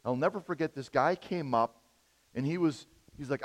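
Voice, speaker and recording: A man delivers a sermon in a fairly high voice, jumping from hushed asides to loud, animated bursts as he tells a story. His voice rings through a large hall with a long reverb. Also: normal speed. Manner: animated storytelling, big swings in loudness. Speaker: pastor.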